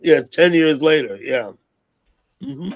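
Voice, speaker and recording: A sixty-year-old man hosting a casual livestream chat, rambling and thinking out loud. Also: a little high, lively intonation, takes it slowly. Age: 60s. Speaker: livestream host.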